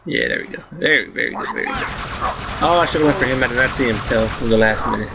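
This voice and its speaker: A man in his twenties rambling through a story while commenting on his gameplay, excitable and swearing freely. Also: mid-range voice, quick pace, gravelly, heavy background noise. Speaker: let's play host.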